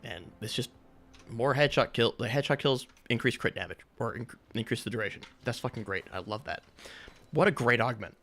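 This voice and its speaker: A man's voice: mid-range voice, brisk, fairly bright tone. A young man chatting casually with his stream chat while gaming, rambling, sarcastic and swearing a lot.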